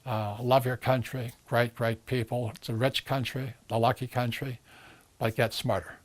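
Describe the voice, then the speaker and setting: A man's voice: medium pitch, level tone, normal speed. An older man speaking as a guest, giving a recorded message to an audience, emphatic and rambling, repeating his key phrases. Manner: rambling with frequent restarts.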